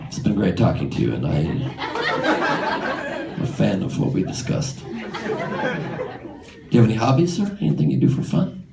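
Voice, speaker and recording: A man's voice: fairly low pitch, wildly swooping pitch, normal speed, creaky, long pauses. A man doing improvised crowd work on a comedy club stage, brash and profane, mocking people in the audience and acting out the characters in his bits. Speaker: stand-up comedian. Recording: echoey live club recording with crowd. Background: audience laughter.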